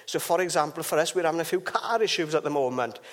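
Casting note: man, higher voice, relaxed devotional speaker who rambles through asides. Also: fast. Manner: chatty and rambling, with restarts and asides. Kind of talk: informal devotional talk.

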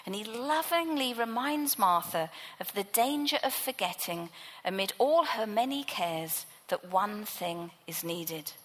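A woman's voice: medium pitch, animated, measured pace, long reverb tail, rough recording. A woman preacher giving a sermon, teaching from the Bible in a conversational way.

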